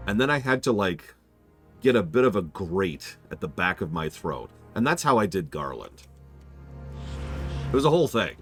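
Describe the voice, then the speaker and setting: A man live-streaming a game review, talking casually in a chatty, rambling, self-mocking way with quick asides. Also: low-pitched, sing-song, a bit bright, soft background music.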